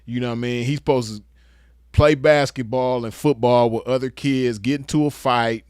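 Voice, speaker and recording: A man's voice: medium pitch, fairly even intonation, normal speed, a little mellow, smooth, no echo, clean studio sound. A man giving a casual commentary rant, crude, emphatic and lecturing. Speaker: online commentator.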